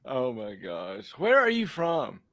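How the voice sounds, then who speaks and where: A man's voice: medium pitch, wildly swooping pitch, slow, a bit bright. A man hosting an interview, reacting with short exclamations and asking casual questions. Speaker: podcast host.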